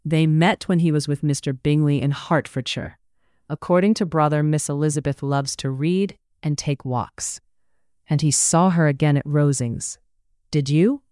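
A narrator voicing an earnest, caring young woman in a read-aloud story, with a smooth voice. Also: medium pitch, normal speed, no room sound, clean studio sound, natural voice. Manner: earnest, gentle. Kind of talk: audiobook character reading.

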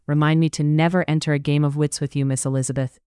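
A narrator voicing a polite, genial young gentleman in an audiobook reading of a period story. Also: mid-range voice, flat delivery, fast talker, clear, resonant tone, dry recording, studio quality, lightly acted. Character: courteous young gentleman host.

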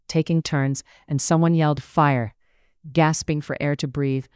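An audiobook narrator giving a steady, even reading of a period romance story. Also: mid-range voice, clean tone, no room sound, clean studio sound.

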